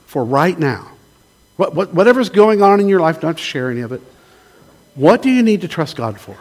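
A man preaching as a pastor, reading a psalm aloud and praying, gentle and unhurried, pausing to invite the congregation to respond. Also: on the high side, lively intonation. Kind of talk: sermon with scripture reading and prayer.

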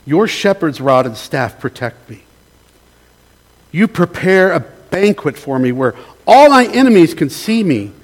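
A man preaching as a pastor, reading a psalm aloud and praying, gentle and unhurried, pausing to invite the congregation to respond. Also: a little high, very animated. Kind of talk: sermon with scripture reading and prayer.

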